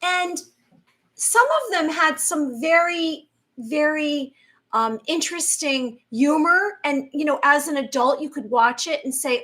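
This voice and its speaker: High-voiced rambling woman. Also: animated, a little slow, a bit bright. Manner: rambling, with restarts and quoted asides. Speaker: spiritual channel host. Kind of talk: casual monologue.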